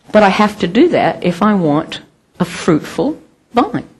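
A woman's voice: medium pitch, sing-song, measured pace, slightly rough. A middle-aged woman preaching a sermon in a conversational, emphatic way with self-mocking humor.

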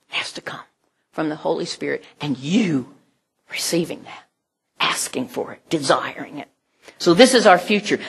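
A woman's voice: medium pitch, breathy edge. A woman preaching a sermon in an earnest way, often dropping almost to a whisper and laughing now and then.

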